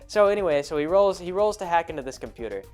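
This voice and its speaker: A man's voice: fairly high pitch, animated, fast, a little mellow, faint music behind. A man hosting a podcast, telling a tabletop game story in a casual, rambling way, often breaking off and laughing. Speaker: podcast host.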